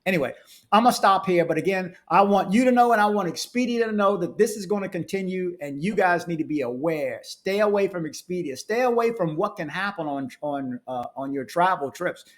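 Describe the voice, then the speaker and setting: A man's voice: sits high, a little fast. Ranting man reading travel reviews aloud. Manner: ranting, animated asides, frequent restarts. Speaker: travel vlogger. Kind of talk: casual commentary reading reviews.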